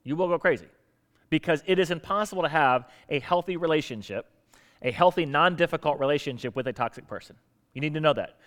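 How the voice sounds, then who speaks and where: A man's voice: fairly high pitch, fast, fairly bright tone. A man preaching a conversational sermon, emphatic, with rhetorical questions and repetition.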